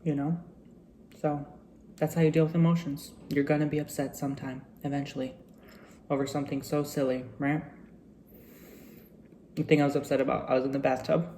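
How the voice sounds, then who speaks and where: A man's voice: mid-range voice, darkish tone. A man vlogging casually while eating, reflective and chatty, with plenty of fillers, over faint background noise.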